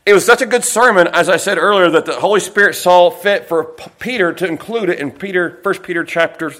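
A man preaching a sermon in a folksy, digressive way, slowing down to stress his points and slipping in personal stories. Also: high-pitched, a bit bright.

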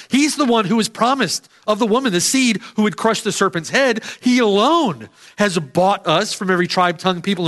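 Emphatic preaching man, lively pitch. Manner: emphatic, repeats phrases, rises and falls sharply. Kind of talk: sermon.

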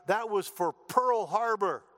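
A man's voice: sits high, lively intonation, slow, a bit bright, voice pushed up, heavily acted. A man voicing a brusque, grudge-holding man in a joke, delivering the lines bluntly and dismissively.

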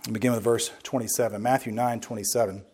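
A man giving a sermon-style Bible lesson, speaking emphatically and slowing down to stress key words, with conversational asides to his listeners. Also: medium pitch, fairly even intonation, darkish tone, husky. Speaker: Bible teacher.

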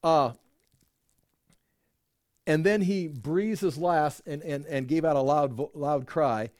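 A man with a fairly high voice teaches scripture in a loose, conversational way. He often restarts sentences and drops in rhetorical asides. The sound is dry and close, with no room echo. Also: takes it slowly, darkish tone. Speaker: Bible teacher.

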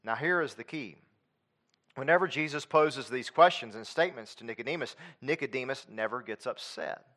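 A man preaching a sermon with emphatic, repetitive phrasing, dropping into quiet conversational asides. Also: medium pitch, normal speed.

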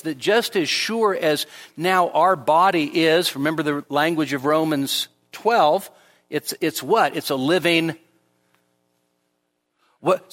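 A man preaching a sermon to a church congregation, rising to emphatic high peaks on key points and dropping into conversational asides and light humor. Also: a bit bright, long reverb tail. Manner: emphatic, climbs sharply in pitch when stressing a point. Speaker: pastor. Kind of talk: expository sermon. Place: church service before a congregation.

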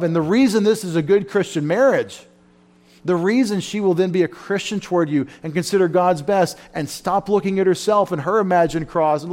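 Man, preacher, Bible study sermon, emotional, fervent, swings between loud and soft. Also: high voice. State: tired. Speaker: pastor.

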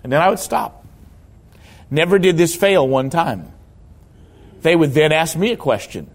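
A man's voice: fairly high pitch, expressive, unhurried, long pauses. A man preaching a sermon as a pastor, telling stories and hammering key words through repetition. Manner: emphatic storytelling preacher, repeats key words for stress.

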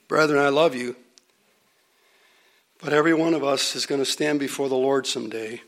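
A man at mid pitch with a gravelly edge, preaching through a personal story. He slows down for emphasis and sometimes sinks almost to a whisper. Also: steady tone. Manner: dramatic pauses, drops to a near whisper. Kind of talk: storytelling sermon.

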